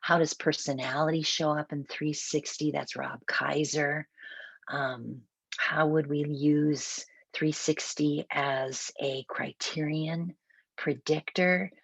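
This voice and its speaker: A woman's voice: low voice, fairly even intonation, takes it slowly, creaky, husky, no echo. A woman with a Minnesotan accent facilitating a webinar roundtable, talking conversationally and thinking aloud with small restarts. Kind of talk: webinar presentation.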